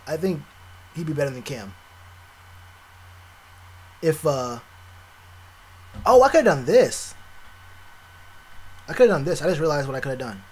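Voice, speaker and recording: A young man streaming live, chatting casually with viewers, animated and repetitive, full of slang. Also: fairly high pitch, husky. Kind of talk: live stream reaction chat.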